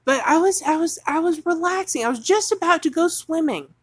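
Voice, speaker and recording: A woman's voice: very high voice, animated, brisk, no room sound. A woman ranting furiously off the cuff on a livestream, reading news excerpts aloud and mocking them. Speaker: livestream host.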